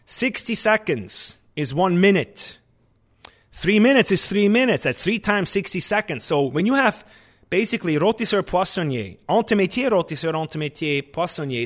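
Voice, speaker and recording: A man, a chef, telling stories in a lively conversational way, often restarting his sentences. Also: high voice, normal speed. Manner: animated, restarts often, acts out kitchen shouting. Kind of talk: conversational storytelling.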